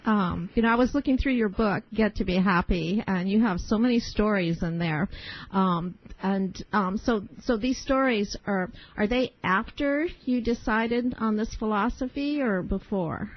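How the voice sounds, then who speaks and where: A woman hosting an interview, asking questions in an enthusiastic, expressive way. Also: mid-range voice, unhurried. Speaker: interview host. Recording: muffled audio.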